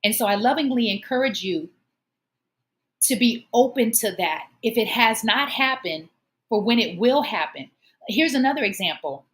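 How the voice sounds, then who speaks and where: Woman talk show host, kinda high voice, earnest and encouraging, personal heartfelt talk. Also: lively intonation, normal speed, fairly bright tone. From Omaha, United States. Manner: earnest, encouraging, emotional at times.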